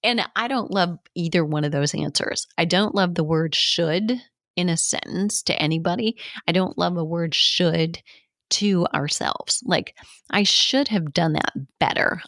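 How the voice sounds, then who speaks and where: A woman's voice: fairly low pitch, a little slow, creaky, a bit bright, no room sound, clean studio sound. A woman teaching coaching skills in a conversational way, repeating key points for emphasis. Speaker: coaching instructor. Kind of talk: informal teaching talk.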